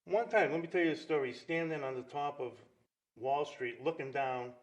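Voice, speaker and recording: A man's voice: a little high, moderate pace. Older New man telling stories. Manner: lively storyteller, acts out quoted dialogue. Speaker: guest storyteller. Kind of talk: casual anecdote telling.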